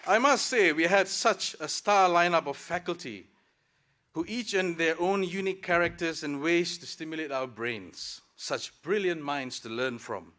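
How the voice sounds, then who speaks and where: A man's voice: on the high side, normal speed, pushed and bright, a faint crowd. A man, a working professional in his thirties, gives a prepared graduation speech at a podium microphone, formal and dotted with light jokes. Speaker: student speaker at graduation. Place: graduation ceremony.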